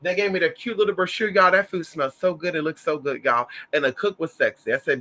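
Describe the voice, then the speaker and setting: A man from Southern Louisiana hosting a casual livestream, telling stories in an animated, campy, profane way while reading the chat. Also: fairly high pitch, a little fast, hardly any pauses. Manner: animated, campy, profane, calls listeners y'all and honey.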